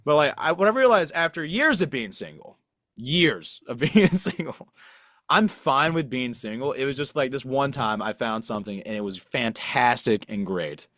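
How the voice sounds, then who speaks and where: A man's voice: medium pitch, lively intonation, moderate pace, a bit bright, no echo, studio quality. A young man co-hosting a podcast, talking casually in a rambling, self-deprecating way, with lots of restarts and fillers. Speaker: podcast co-host. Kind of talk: casual chat.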